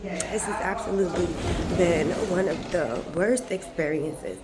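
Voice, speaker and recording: A woman's voice: on the low side, a little slow, over a noisy crowd. A woman vlogger ranting angrily in a hospital emergency waiting room, cursing and venting, recorded on a phone. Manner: furious, profane, venting. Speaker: travel vlogger. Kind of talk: angry vlog rant.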